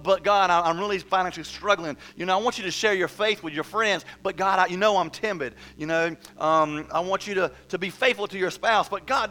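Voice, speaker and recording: A man preaching a sermon in an animated way, acting out Bible figures with a rising voice and often repeating words as he goes. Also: high voice. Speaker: pastor.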